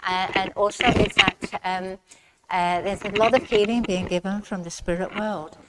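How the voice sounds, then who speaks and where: A woman's voice: mid-range voice, fairly even intonation, normal speed. A woman giving a chatty mediumship demonstration in a village hall, speaking straight to one member of the audience. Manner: chatty, speaks straight to the recipient, relays messages. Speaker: spiritualist medium. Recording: loud background noise in a hall.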